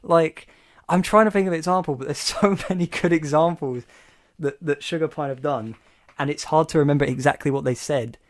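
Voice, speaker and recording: A man's voice: on the high side, brisk, dry recording, clean studio sound. A man hosting a podcast in casual chat, an enthusiastic and rambling storyteller. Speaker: podcast host.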